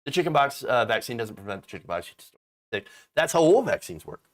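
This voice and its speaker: A man's voice: medium pitch, sing-song, fast. Profane, exasperated male political host. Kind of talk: ranting political commentary.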